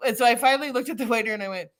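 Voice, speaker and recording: A middle-aged woman telling stories in casual chat, acting out the quotes with lively energy. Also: fairly high pitch, rapid-fire. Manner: animated storyteller, acts out quotes.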